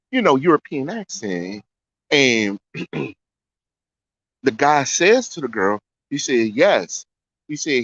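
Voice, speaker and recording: Animated male storyteller. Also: medium pitch, no room sound. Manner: repeats lines for effect, animated. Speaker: storyteller host. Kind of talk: casual storytelling. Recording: dry, dull lo-fi sound.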